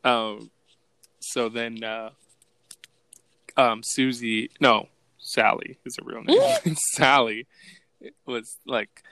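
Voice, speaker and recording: A man's voice: mid-range voice, fairly even intonation, slow pace, long pauses, sharp tone, no room sound. A man co-hosting a podcast in casual chat, laid-back and laughing as he recaps a movie. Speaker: podcast co-host.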